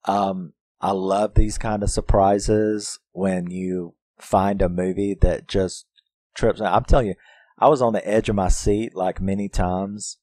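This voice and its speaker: A man's voice: sits low, flat delivery, unhurried, a little mellow, no room sound. A man giving a casual, profane review of a horror film, laughing often and acting out lines from it. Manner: profane, laughs often, quotes characters in put-on voices.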